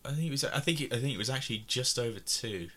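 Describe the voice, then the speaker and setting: A man's voice: mid-range voice, expressive, rapid-fire, bright, forceful tone. A man from England chatting casually about films, rambling with many restarts and frequent laughs. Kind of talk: casual film discussion.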